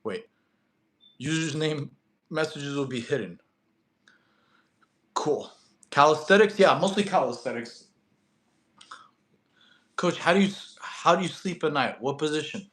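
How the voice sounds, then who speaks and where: A man's voice: a little high, animated, measured pace, long pauses, fairly bright tone, reverberant. A young man from Russia, a fitness streamer, chatting casually with viewers in a loose, slangy way with many fillers and restarts. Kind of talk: casual live-stream chat reading viewer questions.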